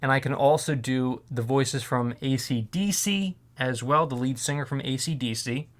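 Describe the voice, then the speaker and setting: A man's voice: medium pitch, normal speed. A man who is a voiceover artist, talking casually in a rambling way, his voice strained and worn out. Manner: rambling, with many fillers and restarts. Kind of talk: casual vlog talk.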